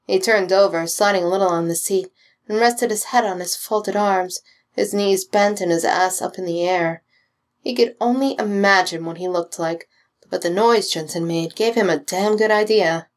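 A woman reading fan fiction aloud with steady, expressive storytelling. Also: mid-range voice, moderate pace. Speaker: reader.

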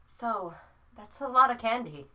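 Woman reading as a smug young man, teasing, playful, bright tone, read-aloud story. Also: mid-range voice, big pitch swings, a little slow.

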